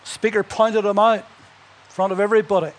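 A man's voice: high-pitched, flat delivery, fairly quick. A man preaching a sermon, telling Bible stories and building to emphatic punchlines, with chuckles between points.

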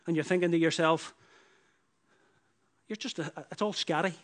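Guy preaching, kinda high voice, keeps repeating lines and pushing them louder. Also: fairly even intonation, moderate pace. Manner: emphatic, repetitive preaching with rising bursts. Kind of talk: sermon.

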